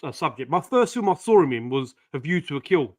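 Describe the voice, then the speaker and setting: A man's voice: on the high side, big pitch swings, fairly quick, no echo, studio quality. A man chatting casually as co-host of a live stream, jokey and rambling with many restarts.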